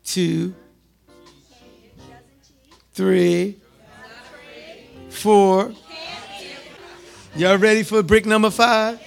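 A high-pitched man delivers a sermon. He calls out questions to the crowd, repeats his lines for emphasis, and swings from near-shouts to hushed speech. Soft music plays behind him. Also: fairly even intonation, drawn-out words, gravelly, long pauses. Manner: call-and-response, repetitive, swings from loud to hushed. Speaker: preacher.

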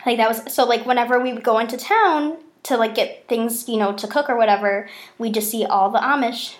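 Brief: young woman host, lively profane storyteller, slightly high voice. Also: brisk. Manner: animated, swears freely, acts out quotes. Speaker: podcast host. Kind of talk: casual storytelling chat.

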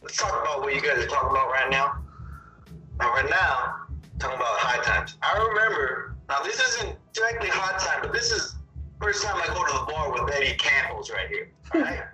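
A man calling in to a show, telling a long rambling story with lots of swearing and animated asides. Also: mid-range voice, moderate pace, faint music behind. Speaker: caller. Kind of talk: casual storytelling. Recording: roomy, distant phone-in sound.

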